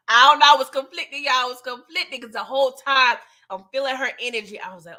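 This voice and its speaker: Bright-voiced woman recapping a TV episode. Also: sits high, brisk. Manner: animated, laughs often, acts out scenes. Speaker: TV recap host. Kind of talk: casual chat.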